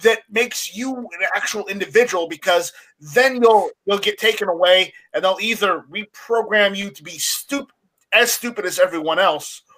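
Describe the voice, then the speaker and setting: A man's voice: sits high, moderate pace, pushed and bright, low-quality recording. A man in a casual talk, earnestly explaining at length. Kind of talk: casual chat.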